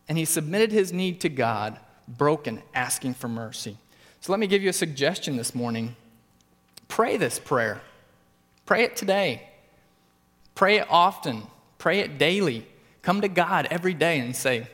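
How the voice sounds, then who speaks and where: A man preaching in an earnest sermon style, his slightly high voice climbing for stressed points and sinking low for quiet ones. The sound carries a long reverb, as from a church hall. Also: animated, measured pace. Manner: earnest preaching, rising to emphatic peaks and dropping low. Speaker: pastor.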